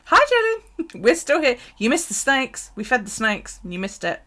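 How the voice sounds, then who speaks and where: A woman's voice: high-pitched, big pitch swings, moderate pace, a bit bright. A woman hosting a late-night livestream, chatting casually, laughing often and swearing freely as she rambles. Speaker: bullet-journal livestream host. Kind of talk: casual live-stream chat.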